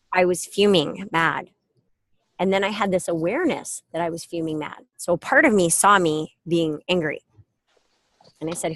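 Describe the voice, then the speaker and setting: Middle-aged lady giving a self-help talk, lowish voice, tells stories acting out everyone, dry sound. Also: no echo. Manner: animated storytelling with acted quotes. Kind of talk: casual motivational talk. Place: airport.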